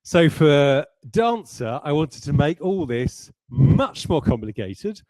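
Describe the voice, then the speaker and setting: A man's voice: a little high, big pitch swings, slow, dark tone, no room sound, low-quality recording. A man, a game designer, talking through design ideas in a rambling, self-deprecating way with many hesitations. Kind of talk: livestreamed design talk.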